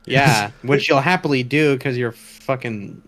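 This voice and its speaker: Man, mid pitch, heckling cohost, short jabs, casual chat. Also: unhurried, fairly bright tone. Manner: heckling, interjects repeatedly. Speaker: stream co-host. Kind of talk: casual reaction stream chat.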